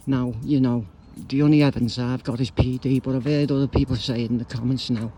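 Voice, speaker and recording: A blunt, rambling man talks into his phone while strolling outside. His voice sits at an ordinary middle pitch, and clear traffic and street noise run behind him. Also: fairly even intonation, fairly quick, hardly any pauses, mellow. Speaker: YouTuber. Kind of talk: casual vlog rant while walking. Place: outdoors on a street.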